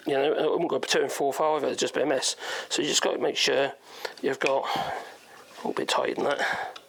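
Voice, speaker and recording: In his workshop, a Norfolk man chats and rambles through a woodworking demonstration, thinking aloud as he works. His medium-pitched voice is gravelly and fairly bright, holding a steady tone at a slightly fast pace.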